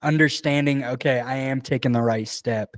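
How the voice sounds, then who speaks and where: A man hosting a casual podcast conversation, asking questions and cutting in with relaxed jokes. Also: mid-range voice, moderate pace. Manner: relaxed, joking interjections. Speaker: podcast host.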